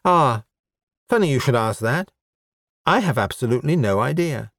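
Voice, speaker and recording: A man's voice: medium pitch, expressive, moderate pace, fairly bright tone, dry recording, clean studio sound. A man voicing a polite, bewildered human man with no memory, speaking mildly and apologetically in a storybook reading. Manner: apologetic, mild, matter-of-fact.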